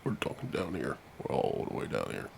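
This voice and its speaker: A man doing a low, drawling impression of a gravel-voiced older man. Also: huge pitch swings, noisy background, heavily acted. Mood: joking. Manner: exaggeratedly low, slow and drawling.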